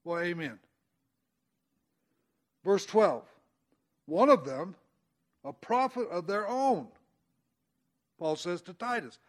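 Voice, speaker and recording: A man's voice: sits high, expressive, slow pace, pauses often. A man preaching in an informal, conversational way, reading Bible verses aloud and explaining them in plain folksy speech. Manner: conversational, folksy, rising emphasis on quoted verses.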